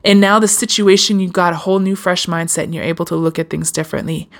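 A woman hosting a casual self-help podcast, speaking straight to her listeners with lively swings in pitch and the odd swear word. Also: quick pace. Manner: animated, swearing, addresses listeners directly. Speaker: podcast host. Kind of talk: motivational self-help talk.

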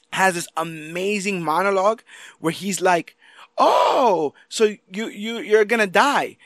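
A man's voice: fairly high pitch, dry recording. A man in casual podcast chat, recapping TV scenes with animation and acting out the characters' lines. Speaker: podcast co-host.

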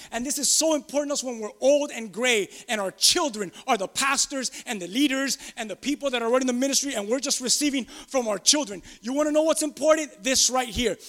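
High-voiced preaching man. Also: a little fast. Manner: builds from low musing to loud emphatic preaching. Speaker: pastor. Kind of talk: sermon.

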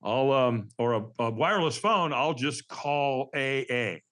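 A man in his sixties, a podcast guest, tells a candid personal story in an animated, emphatic way and laughs through hard memories. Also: mid-range voice, measured pace.

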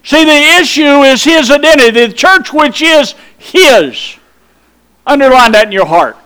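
High-voiced, slow-preaching man. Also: expressive, pushed and bright. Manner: emphatic, drawn-out phrases with rhetorical questions to the congregation. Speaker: pastor. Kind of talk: sermon.

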